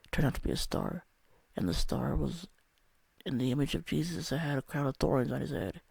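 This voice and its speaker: A man's voice: mid-range voice, a little fast, creaky, darkish tone, slightly rough, dry recording. A young man telling a candid, rambling personal story about a spiritual experience, swearing often. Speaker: vlogger.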